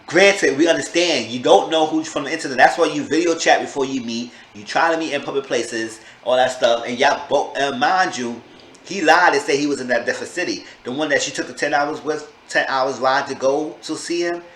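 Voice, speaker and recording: Animated man recapping with sass. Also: medium pitch, brisk, roomy sound, slight background noise. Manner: animated, sassy, acts out quotes. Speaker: show reviewer. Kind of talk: casual recap.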